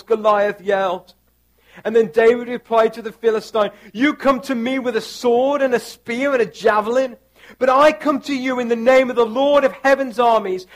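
A pastor preaching a sermon, reading scripture aloud with earnest, rising emphasis. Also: male voice, high-pitched.

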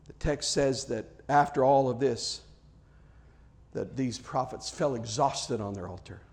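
Impassioned high-voiced preacher. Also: male voice. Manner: impassioned preaching that swells to near shouting. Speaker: pastor. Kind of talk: sermon.

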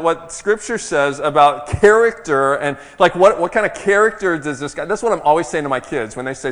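A middle-aged man preaching a sermon as a pastor, moving between a hushed, slow prayer and lively storytelling. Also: a little high. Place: church. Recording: long reverb of a church hall.

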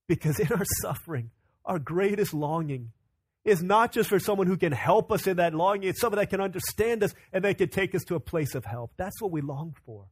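A young man preaching a sermon, rising to loud, urgent questions and then dropping to soft, hushed lines. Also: sits high, a little fast, no echo, low-quality recording. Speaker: pastor.

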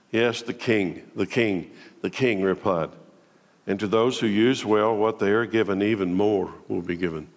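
Preacher, man, mid-pitch, delivering a dramatic sermon with long hall reverb. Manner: dramatic, swings between loud declaiming and low intimate tones. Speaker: pastor.

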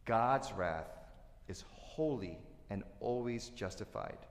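A male pastor preaching a sermon, animated, swinging between loud emphasis and quiet asides. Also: fairly low pitch, slow pace. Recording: echoey hall with long reverb.

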